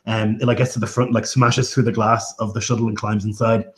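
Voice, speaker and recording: Low-voiced man running a tabletop game. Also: level tone, a little fast. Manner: loose narration full of "like" and "um". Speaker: game master.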